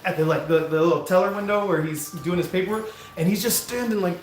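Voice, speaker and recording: A man's voice: high voice, quick pace. Man telling a story in a very echoey room. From California. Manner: rambling, animated anecdote with many restarts and chuckles. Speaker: truck driver and live stream host. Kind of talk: casual storytelling on a live stream.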